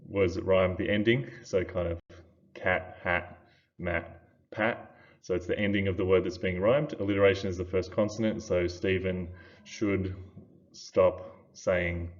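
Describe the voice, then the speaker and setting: A man's voice: sits low, fairly even intonation, unhurried, muffled recording. A man teaching a lesson over slides, casual and full of fillers. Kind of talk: recorded lecture over slides.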